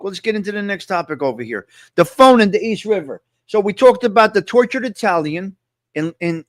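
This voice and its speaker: A man's voice: high voice, no echo, clean studio sound. A man hosting a casual live-stream chat, talking to viewers and repeating his points with emphasis. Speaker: host.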